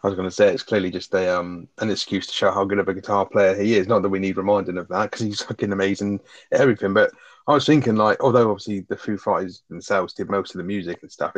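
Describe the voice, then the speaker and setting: A man rattles quickly through film scenes in casual podcast chat, swearing freely. His voice sits a little low, and the recording is dull, lo-fi and dry. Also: dry recording. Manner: sweary, animated retelling of scenes. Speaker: podcast co-host reviewing a film.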